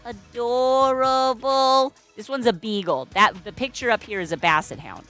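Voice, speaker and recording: With faint music behind her, this balloon artist streamer speaks at a measured pace in a fairly high, bright, forceful voice. She keeps things casual, chatty and playful, welcoming viewers and cracking puns.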